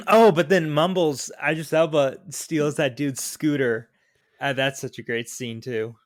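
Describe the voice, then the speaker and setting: A man co-hosting a podcast, chatting casually about a film in a relaxed, slightly halting way. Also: on the high side, no echo, clean studio sound. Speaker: podcast co-host.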